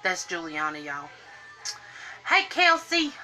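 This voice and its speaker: A woman's voice: on the low side, big pitch swings, slow, sharp tone, soft background music. A woman, chatting on a live stream while doing her makeup and greeting viewers by name in a sing-song lilt. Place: home room, indoors.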